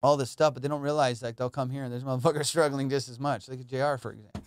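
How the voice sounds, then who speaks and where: A man hosting a comedy podcast, telling stories in a profane, animated way. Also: mid-range voice, very fast, no room sound, studio quality. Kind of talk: casual podcast chat.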